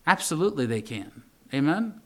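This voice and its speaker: A man's voice: on the high side, very animated, moderate pace. A young adult man preaching a sermon, talking conversationally and asking the congregation for an amen. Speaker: pastor.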